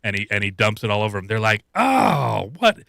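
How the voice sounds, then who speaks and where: Bright-voiced guy rambling on a podcast, swears a lot, dry close sound. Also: on the low side, monotone, rapid-fire, clean tone, dry recording. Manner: rambling, swears, laughs often. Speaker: podcast co-host. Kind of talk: casual chat reacting to news clips.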